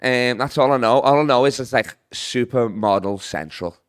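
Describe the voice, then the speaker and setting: A man's voice: mid-range voice, normal speed, clear, resonant tone, dry recording, clean studio sound. A young man with a Liverpool accent, a guest comedian telling rambling, swear-heavy stories in casual podcast chat. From Liverpool, England. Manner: rambling, swears a lot, laughs at his own stories.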